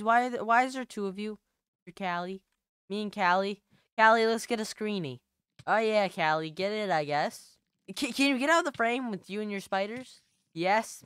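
In a dry recording, a woman's clear, resonant, medium-pitched voice delivers jokey commentary as she plays a video game. The excitable gaming YouTuber yelps and laughs frequently.

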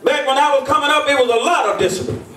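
A man's voice: very high voice, fast talker, fairly bright tone. An older man preaching as a bishop, telling folksy stories and calling for responses from his congregation. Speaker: bishop and pastor. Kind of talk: sermon. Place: church. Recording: echoey church from a distance.

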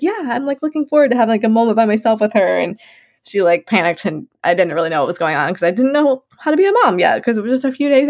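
A young woman talks in a loose, chatty way, full of fillers and quick laughs. She speaks at an ordinary middle pitch. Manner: chatty, bubbly, lots of "like" and laughs. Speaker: new mom answering viewer questions. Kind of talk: casual chat.

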